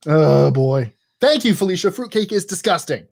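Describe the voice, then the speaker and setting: Male co-host, blunt and outspoken, lively swinging pitch, reads chat aloud. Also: moderate pace, vocal fry. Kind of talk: live-stream call-in chat.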